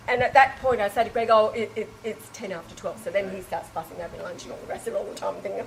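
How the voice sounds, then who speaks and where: A woman telling an emotional personal anecdote to a small group, animated and exclamatory, with frequent restarts and laughing or tearful breaks. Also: a little high, fast talker, vocal fry, slight background noise, poor audio. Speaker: storyteller recounting an experience to a small group.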